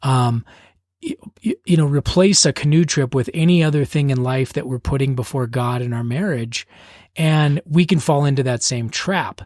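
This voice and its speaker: A man talks reflectively and sincerely as a podcast co-host, pausing on fillers as he thinks. His voice sits at a middle pitch and is recorded dry and close. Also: darkish tone, no echo. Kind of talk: conversational podcast talk.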